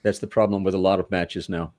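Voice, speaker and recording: A man from Manchester, England, telling rambling, animated stories as a wrestler guest in an interview. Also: low-pitched, fast, no echo, clean studio sound. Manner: rambling, animated, self-correcting storyteller. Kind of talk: interview storytelling.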